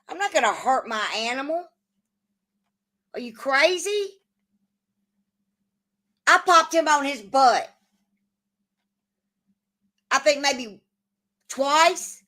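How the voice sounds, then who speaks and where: A woman with a high, fairly bright voice hosts a casual livestream. She swears often, argues back at her chat, and answers viewers in a profane, combative way.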